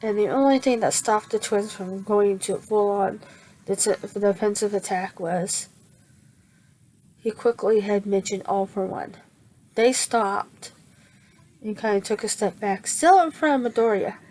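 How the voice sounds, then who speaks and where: Slow, halting woman storyteller. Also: mid-range voice, darkish tone, poor audio. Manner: halting, with many fillers and restarts. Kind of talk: improvised fan fiction narration.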